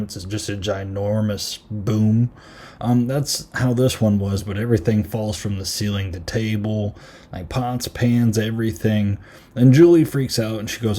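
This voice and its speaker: A man's voice: fairly low pitch, mellow. A man hosting a podcast, casually recapping a horror film with lots of fillers and retelling lines. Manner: chatty, lots of "like" and "um". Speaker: podcast host. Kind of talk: casual movie review recap.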